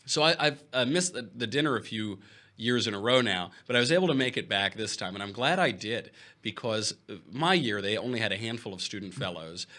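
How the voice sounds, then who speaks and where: A man's voice: on the low side, animated, fairly quick, sharp tone. A young man speaking as a guest on a talk show, with dry, wry humor. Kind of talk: casual studio chat.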